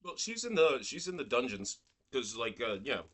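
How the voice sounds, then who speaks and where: A man's voice: mid-range voice, sing-song, normal speed, a bit bright. A man co-hosting a podcast, making crude, profane jokes in casual political commentary. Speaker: podcast co-host.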